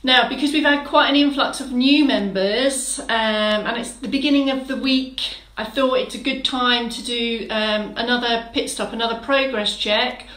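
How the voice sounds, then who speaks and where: A woman fitness instructor with a fairly high voice leads a live-streamed exercise class. She chats, greets viewers one by one and gives encouraging step-by-step cues. The sound bounces around an echoey room. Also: steady tone, normal speed, hardly any pauses, fairly bright tone. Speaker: fitness instructor for older adults.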